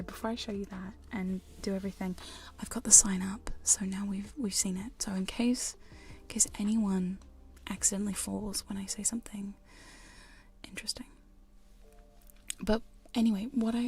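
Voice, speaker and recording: A woman chatting in a soft, giggly whisper on a live hypnosis ASMR stream, close to studio mics in her home studio. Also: mid-range voice. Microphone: studio condenser and binaural mics.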